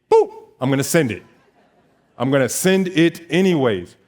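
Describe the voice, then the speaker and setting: A man in his twenties, a notary business owner giving a motivational talk on stage, telling his story in an animated way and acting out bits of dialogue. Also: a little high, quick pace. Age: 20s.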